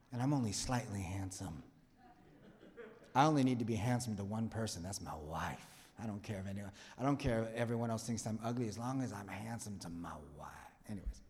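A man preaching a sermon as pastor, talking in a conversational, joking way that swings from hushed asides to loud pleading. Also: lowish voice, fairly quick. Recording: reverberant hall.

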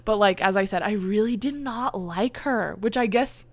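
A woman casually talking over a film with a friend, excitable and quick to laugh. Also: medium pitch. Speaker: movie reviewer. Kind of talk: casual chat.

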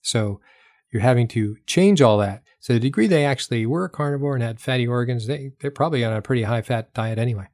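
Male host, mid-pitched voice, explanatory talk, punchy emphasis, dry close-miked sound. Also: fast, darkish tone, no echo. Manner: emphatic, repeats points for effect, rhetorical questions. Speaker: health talk host selling products.

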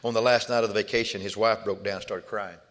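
A middle-aged man, a pastor, preaching a sermon with call-and-response, surging loud and then dropping soft. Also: on the low side, fairly even intonation, fast.

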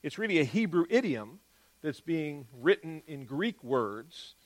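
Man, Bible teacher, slightly high voice, explanatory, emphatic on key words, quick then slow phrasing. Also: very animated.

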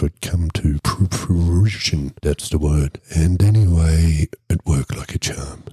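A man with an Australian accent telling a crude, deadpan comic tall tale on a podcast, swearing constantly. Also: rumbling low, breathy edge, no echo, studio quality. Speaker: podcast host.

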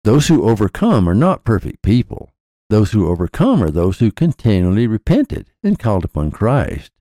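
A man with a low, mellow voice narrates a scripted scripture lesson. His pitch rises and falls widely as he sets out each point in measured, declarative sentences. The sound is close and dry. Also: huge pitch swings, dry recording. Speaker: podcast narrator. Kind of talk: scripted religious teaching.

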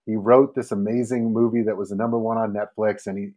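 Man, podcast co-host, husky, mellow, lively pitch, enthusiastic storyteller. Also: fast. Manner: enthusiastic, storytelling with quoted voices. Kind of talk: casual chat.

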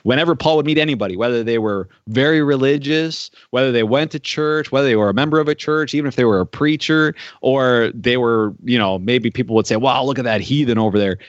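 A man's voice: mid-range voice, dry recording. A man preaching a sermon, telling stories in a conversational way with frequent filler words. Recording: dry, dull-sounding recording.

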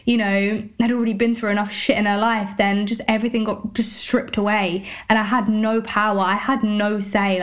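A British woman with a medium-pitched voice hosts a solo podcast at normal speed. She talks candidly, swears a lot, and fills her speech with plenty of "like" and "you know."

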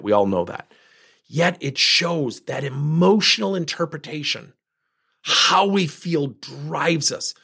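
A man hosting a podcast, telling a personal story and acting out the dialogue in an animated way. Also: fairly high pitch, gravelly, slightly rough. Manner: animated, acts out quoted dialogue. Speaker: podcast host.

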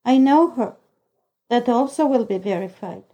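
A woman's voice: fairly high pitch, animated, moderate pace, warm tone, dull audio. A woman voicing a stern, white-haired old prosecutor in an audiobook, asking questions in a curt, clipped way. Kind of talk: audiobook character reading.

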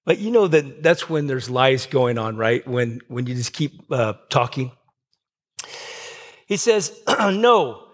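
A male pastor giving a sermon in a conversational way, full of fillers and restarts, acting out quoted lines with big swings in pitch. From Southern California.

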